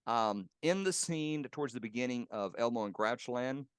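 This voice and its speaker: A man's voice: mid-range voice, lively intonation, moderate pace, clean tone, no room sound, studio quality. A man, a professional puppeteer, fondly recalling colleagues in a casual interview and laughing now and then as he tells anecdotes. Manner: warm, reminiscing, laughs while telling anecdotes. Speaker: guest puppeteer. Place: home.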